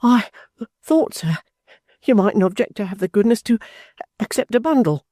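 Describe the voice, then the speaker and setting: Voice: medium pitch, animated, normal speed, mellow, no room sound, studio quality, voice pushed up, close to an everyday voice. A reader voicing a humble, earnest young man who stammers and keeps saying "sir" in a storybook reading. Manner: stammering, deferential, many "sir"s.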